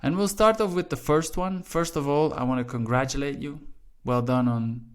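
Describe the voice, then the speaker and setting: A man's voice: a little high, normal speed, clear, resonant tone. A man from Belgium, a Dutch speaker, hosting a casual language lesson in an encouraging way with frequent "all right?" check-ins. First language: Dutch (Flemish). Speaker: language teacher and channel host.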